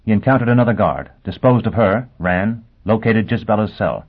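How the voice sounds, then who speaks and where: A male narrator reads the story in a low, husky voice with a steady, measured delivery. The recording is thin and tinny, much like a phone line. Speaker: audiobook narrator. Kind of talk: scripted narration.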